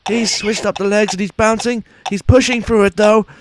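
A man playing a pompous, excitable sports announcer in mock commentary over a video game, with formal announcer phrasing, recorded on a noisy home mic. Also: extremely high pitch, quick pace, voice pushed up, heavily acted. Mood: hushed commentary. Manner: formal announcer phrasing, shouts at near misses.

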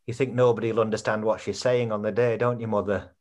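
A man's voice: on the low side, little pitch movement, quick pace, darkish tone, natural voice. A man playing a blunt, chatty son. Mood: earnest, chatty. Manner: blunt, chatty, keeps checking with his mother. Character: chatty middle-aged Yorkshire son, earnest and blunt. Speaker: bereaved son planning a funeral. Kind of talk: comedy series acting on a video call.

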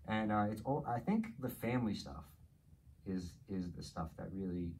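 A man in his forties with a low voice talks openly as a podcast guest. He is frank and profane, and his voice rises sharply when he vents. A faint hum of room ambience sits behind him. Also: expressive, moderate pace, a little mellow, rough recording. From New Jersey. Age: 40s. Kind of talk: candid casual chat.

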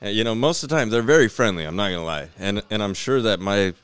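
Smooth-voiced man in easygoing chat. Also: on the low side, fast talker, fairly bright tone. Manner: easygoing, profane, laughs often. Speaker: podcast co-host. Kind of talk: casual chat.

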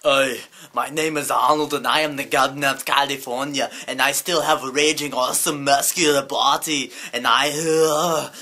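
A man's voice: medium pitch, steady tone, moderate pace, hardly any pauses, sharp tone, voice pushed down. A man doing a clumsy, exaggerated accent impression of a boastful, muscle-bound governor with action-star bravado. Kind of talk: comedy sketch improv.

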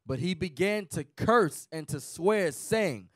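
A man with a somewhat raised pitch reads old-style scripture aloud in a Bible class, steady and measured, stumbling now and then. The recording is dry and close. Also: dry recording.

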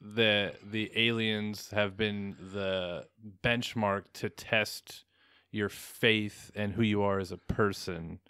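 Male co-host, lowish smooth voice, measured and reflective, dry close mic. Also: steady tone, bright, forceful tone, dry recording. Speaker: podcast co-host. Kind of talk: casual chat.

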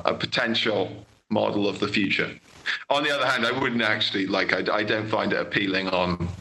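A young man from Britain talks through his views in a relaxed podcast chat. His voice sits low with a gravelly fry and a sharp, bright edge. He speaks slowly and carefully, pausing often to find the words. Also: rough recording. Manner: thoughtful, measured, hesitant with many fillers. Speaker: guest writer. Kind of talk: casual podcast conversation.

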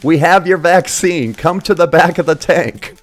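A man voicing a male leader who broadcasts announcements from a tank, in a loud mock-official tone. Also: a little high, a little slow, dry recording, faint music behind, close to an everyday voice.

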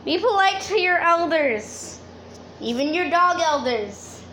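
A woman's voice: very high-pitched, lively intonation, slow, pushed and bright, slight background noise. A young woman vlogging at her grandmother's home, talking to the dogs in a fond, baby-talk way. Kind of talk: casual vlog talking to pets.

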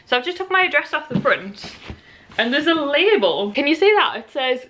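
Gushing bright-voiced woman. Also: fairly high pitch, normal speed, a little hiss or hum. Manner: excitable, gushing, rambling with many "like"s. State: sore throat. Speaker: vlogger. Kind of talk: casual chat to camera.

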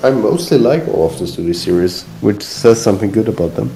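A man's voice: on the low side, animated, brisk, mellow. A laid-back man chatting as a guest on a call. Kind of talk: casual chat over a call. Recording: echoey room with guitar music. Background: guitar music.

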